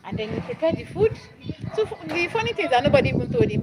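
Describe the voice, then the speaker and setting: A young woman hosting a live stream, telling a Bible story in a casual, animated and dramatic way. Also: high voice, very fast, heavy background noise. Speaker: livestream host.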